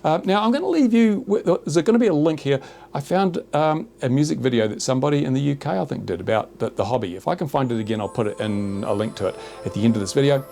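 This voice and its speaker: A man's voice: mid-range voice, expressive, quick pace, creaky, warm tone, soft background music. A man from New Zealand with a New Zealand accent, a YouTuber hosting a casual chat, sarcastic and exaggerated as he rants. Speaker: YouTuber host. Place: small rural workshop studio.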